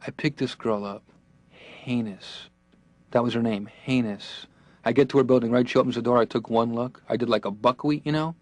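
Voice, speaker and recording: A man's voice: mid-range voice, steady tone, moderate pace, dry recording, lightly acted. A man voicing a chatty young patient in a cartoon, telling jokes in a rambling stand-up delivery. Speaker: comedian patient. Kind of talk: stand-up routine.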